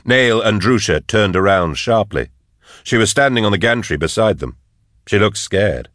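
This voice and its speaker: A man narrating an audiobook in a measured, dramatic way. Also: lowish voice, lively intonation, a bit bright, no echo, studio quality.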